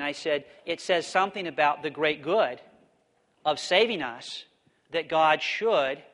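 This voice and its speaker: Higher-voiced man lecturing in a hall. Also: fairly bright tone. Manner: thoughtful, explanatory, restates questions. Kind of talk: theology lecture with Q&A.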